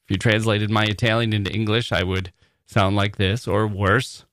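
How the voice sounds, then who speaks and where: A man hosts a podcast and reads listener mail aloud, slipping in wry jokes. His voice sits on the low side. The recording is close and dry with no room sound. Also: flat delivery, normal speed, a bit bright, dry recording. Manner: wry, joking asides. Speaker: podcast host.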